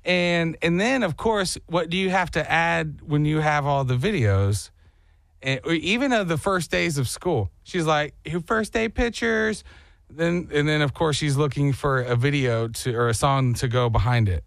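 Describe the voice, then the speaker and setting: Male radio host, higher voice, dry close sound, rambling anecdotal chat. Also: moderate pace, gravelly, no room sound. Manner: rambling, animated storytelling. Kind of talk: casual on-air chat.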